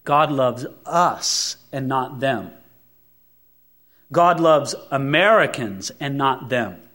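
A man preaching a sermon, emphatic and dramatic, dropping to soft asides and then swelling on key words, and acting out the voices he quotes. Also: on the high side. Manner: emphatic, swinging between loud stresses and soft asides.

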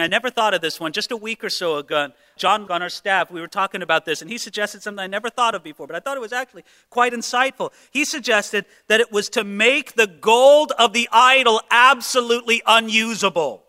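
A pastor delivering an emphatic sermon full of rhetorical questions and dramatized quotes. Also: male voice, sits high, brisk, pushed and bright, big-room sound.

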